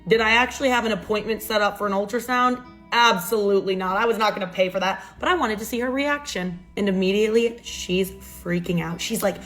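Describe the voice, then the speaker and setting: A young adult woman narrates a personal drama, full of sarcastic asides and dramatic emphasis. Her voice sits at a moderate pitch, and soft music plays faintly behind her. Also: fast talker, few pauses. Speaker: storytime narrator. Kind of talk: storytime narration for social video.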